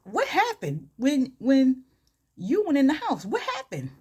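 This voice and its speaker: A woman voicing an excitable male daytime talk show host who asks probing, incredulous questions. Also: high-pitched, unhurried, pitched above the performer's own voice, heavily acted.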